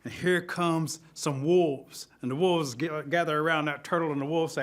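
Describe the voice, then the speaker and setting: A man telling a traditional animal tale in a lively, expressive studio storytelling style. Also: fairly high pitch, moderate pace, hardly any pauses.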